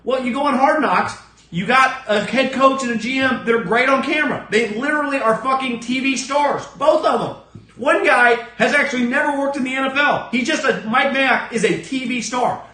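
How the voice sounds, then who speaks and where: Man, sports podcast host, blunt and profane, emphatic, bright tone, echoey room. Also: normal speed. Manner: acts out other people's lines in a lower voice. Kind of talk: solo opinion rant.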